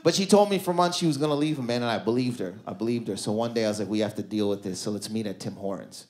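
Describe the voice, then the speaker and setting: A man in his thirties doing a stand-up comedy set in a club, loose and conversational, throwing quick asides to the crowd. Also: on the low side, darkish tone, slight background noise. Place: comedy club stage before a live audience.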